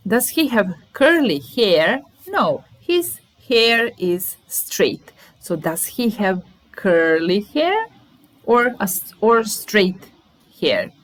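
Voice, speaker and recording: A woman's voice: mid-range voice, a bit bright, low-quality recording. A woman with a Serbian accent teaching an English lesson, repeating example sentences and explaining them. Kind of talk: language lesson.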